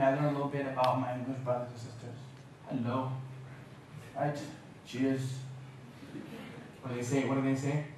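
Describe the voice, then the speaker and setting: A man from Canada giving a humorous, lively lecture at a university, with playful impressions of accents. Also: a little high, a little hiss or hum. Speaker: guest speaker. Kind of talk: lecture with jokes. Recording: echoey hall, mic from a distance.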